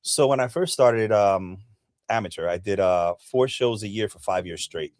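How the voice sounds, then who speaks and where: A man's voice: on the low side, normal speed, darkish tone, no echo. Earnest male bodybuilder guest. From Puerto Rico. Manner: earnest, reflective, hesitant with "uh" and "um". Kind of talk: interview storytelling.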